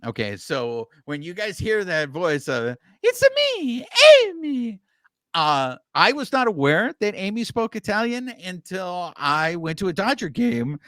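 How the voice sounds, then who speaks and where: A man co-hosting a podcast, explaining things at length in casual, animated chat with filler words. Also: a little high, a little slow, hardly any pauses, dry recording, studio quality. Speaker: podcast co-host.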